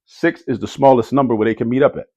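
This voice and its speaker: A man's voice: medium pitch, fast talker, mellow. A man giving a casual math lesson who repeats key words for emphasis and keeps checking in with "right?". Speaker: math teacher. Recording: dull lo-fi audio.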